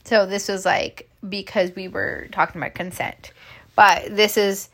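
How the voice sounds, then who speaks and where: A woman's voice: mid-range voice, level tone, a little slow. A middle-aged woman who works as a caregiver, talking casually and leaning on filler words. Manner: chatty, leans on "like" fillers. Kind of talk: casual talk.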